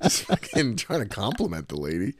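A man's voice: fairly low pitch, sing-song, fairly quick, slight background noise. A man co-hosting a casual podcast, brash and joking, swearing freely. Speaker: podcast co-host.

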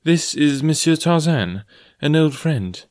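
A man doing a gentle pleading young woman. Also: on the high side, animated, slow pace, no room sound, studio quality, pitched above the performer's own voice. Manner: soft, imploring.

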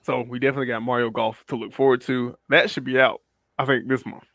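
Laid-back young man with a gravelly voice. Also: medium pitch, level tone, fast talker, a bit bright. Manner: laid-back, dry, blunt and profane. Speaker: podcast co-host. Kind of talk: casual gaming chat.

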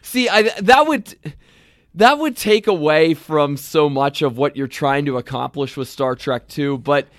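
A man's voice: on the high side, measured pace, dry recording, studio quality. A man co-hosting a casual movie chat, telling stories and asking questions with energy. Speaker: podcast co-host.

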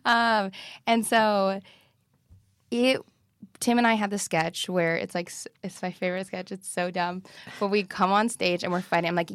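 A woman's voice: mid-range voice, steady tone, normal speed, clear, resonant tone, no echo, clean studio sound. A woman comedian and actress as a podcast guest, chatting animatedly and swearing freely, with many "like" fillers. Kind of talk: casual chat.

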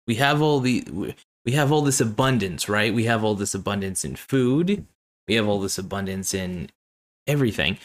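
Tired male host, low-pitched voice, rambling and earnest, repeats himself. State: tired, yawning. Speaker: podcast host. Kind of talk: casual solo talk.

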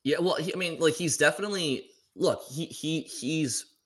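A man's voice: a little high, moderate pace. A man co-hosting a casual sports talk show, rambling and often stumbling over repeated words. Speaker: podcast co-host.

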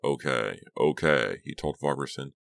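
A man's voice: very deep voice, lively intonation, unhurried, vocal fry, fairly bright tone, no echo, heavily acted. A man voicing a protesting teenage boy in an audiobook. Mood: defensive. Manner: protesting, muttering. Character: defensive teenage boy, injured.

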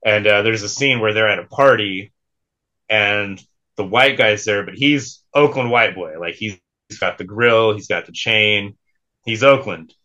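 A man's voice: fairly low pitch, unhurried, sharp tone, highs cut off. A young man co-hosting a casual podcast, laid-back, swearing freely and laughing often. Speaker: podcast co-host.

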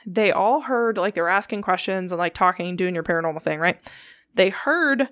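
A woman's voice: lowish voice, lively intonation, moderate pace, fairly bright tone, no echo, studio quality. A young woman hosting a podcast, retelling ghost stories in a loose, profane, filler-heavy way. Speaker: podcast host. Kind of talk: casual storytelling chat.

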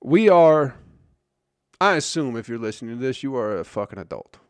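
A man's voice: medium pitch, sing-song, normal speed, dry recording. A man hosting a solo podcast, ranting in a grumpy, sarcastic, profane way. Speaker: podcast host.

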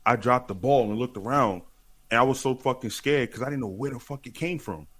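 Animated, profane storyteller man. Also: mid-range voice, brisk. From the Bronx, New York. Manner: animated, profane, repeats phrases. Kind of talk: casual chat, storytelling.

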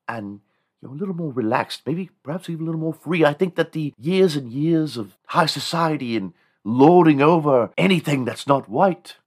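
A man voicing a hesitant, stammering English colonist in a put-on posh English accent that jumps high. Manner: stammering, tentative, high and fluttery.

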